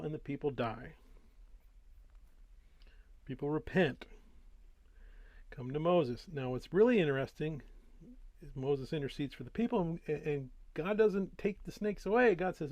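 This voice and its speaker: A man's voice: fairly high pitch, normal speed, a little mellow, no echo. A man hosting a daily Bible reading, talking through the chapters in a casual, folksy way before he reads. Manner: conversational, folksy, with restarts.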